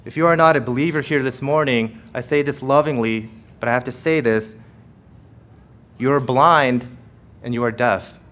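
A pastor preaching a sermon with emphatic repetition and rhetorical questions, swinging between forceful passages and hushed prayer. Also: male voice, mid-range voice, normal speed, long pauses. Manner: emphatic preaching, rising loud then dropping to hushed prayer; repeats phrases and asks rhetorical questions.

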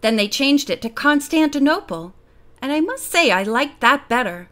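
A woman's voice: high-pitched, very animated, normal speed, fairly bright tone. A woman voicing a fussy, easily flustered older female housekeeper who talks in a put-upon, complaining way, in an audiobook reading. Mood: exasperated.

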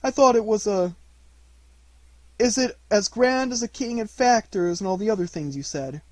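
Pooh, a man doing a soft-spoken honey bear. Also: high voice, normal speed, no echo, pitched above the performer's own voice, close to an everyday voice. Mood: wondering. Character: gentle simple-minded male teddy bear, slow and kindly.

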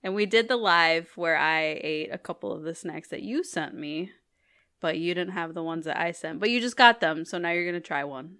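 A woman's voice: lowish voice, moderate pace, a bit bright. A woman co-hosting a podcast in casual chat, easygoing and giggly, laughing often. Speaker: podcast co-host.

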